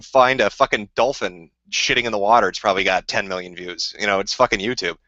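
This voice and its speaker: Man, live stream rant, profane, rambling, combative, forceful tone, lo-fi audio. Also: fairly low pitch, fast, no room sound. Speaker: live streamer answering viewer questions. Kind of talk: casual ranting live stream. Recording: dull lo-fi dry sound.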